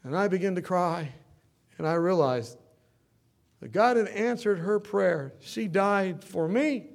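A man preaching a sermon as pastor, swinging from loud emphatic bursts to soft storytelling. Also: sits high, lively intonation, measured pace, vocal fry.

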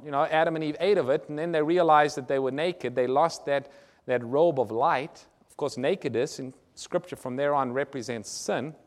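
Slightly high-voiced male preacher. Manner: asks the audience rhetorical questions; reads scripture aloud and explains it. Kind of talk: sermon. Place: church or lecture hall with a screen.

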